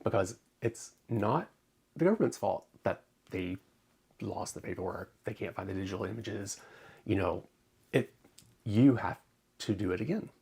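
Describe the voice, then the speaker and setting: A man with a low, gravelly voice and a husky edge talks casually on his livestream. He is emotional and close to tears, stopping often with ums as he searches for words. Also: lively intonation, moderate pace, darkish tone. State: tearful. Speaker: crafting channel host.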